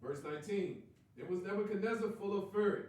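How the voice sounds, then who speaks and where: A man reading old-style Bible verses aloud, verse by verse, with a fairly high voice. He sits well back from the microphone in a heavily echoing room, so the words sound distant and washed. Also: quick pace, a little mellow. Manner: reads steadily, announces verse numbers. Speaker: scripture reader. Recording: very echoey room, far from mic.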